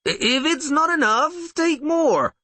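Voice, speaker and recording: Male reader voicing a nervous tavern keeper, pitched way up, pleading. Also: animated, takes it slowly, pushed and bright, full character voice. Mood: frightened. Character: frightened male innkeeper, timid and nervous.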